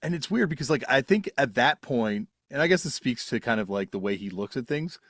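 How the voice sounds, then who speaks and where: A man hosting an interview podcast, chatting in a relaxed, musing way. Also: mid-range voice, a little fast, no room sound, studio quality. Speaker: podcast host. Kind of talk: casual interview.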